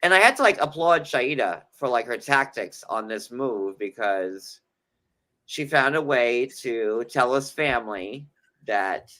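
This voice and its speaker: A man co-hosting a casual reality-TV recap chat, animated and quick to slip into playful impressions. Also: mid-range voice. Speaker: co-host.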